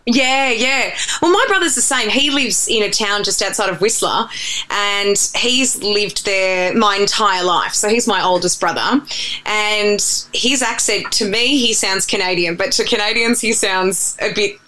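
A woman's voice: mid-range voice, a little slow, sharp tone, rough recording. An Australian radio presenter, a woman, chatting animatedly as a guest in an interview, telling stories at length. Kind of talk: casual interview chat.

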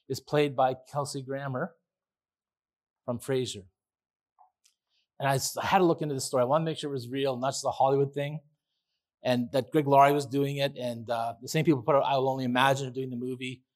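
Pastor, male, mid-pitched, delivering a casual, enthusiastic sermon with frequent asides. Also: steady tone, brisk. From Canada. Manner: chatty, enthusiastic, with restarts and asides. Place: church.

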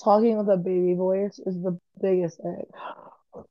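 A woman's voice: medium pitch, little pitch movement, unhurried, dry recording, muffled recording. A woman in casual chat, blunt and crude, laughing often.

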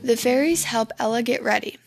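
A woman narrating a spooky fairy tale in a fairly high voice. She slows down to build suspense and stumbles over a word now and then. Faint guitar plays beneath her reading. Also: vocal fry. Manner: slowing for suspense, small slips. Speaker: storyteller.

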